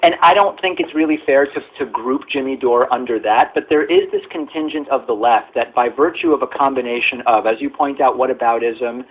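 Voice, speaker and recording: A man hosting a political show, speaking carefully and deliberately with hedges. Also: medium pitch. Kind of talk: measured political commentary. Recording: phone-like narrow audio clip.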